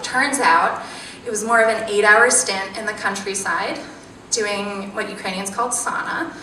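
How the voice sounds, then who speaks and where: A young woman telling a comic story on stage at a live show, animated and self-mocking, building up to punchlines. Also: medium pitch, moderate pace, far from the mic. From United States. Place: live show at a bar venue. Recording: roomy live-venue recording from afar, audience noise. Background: audience laughter and room ambience.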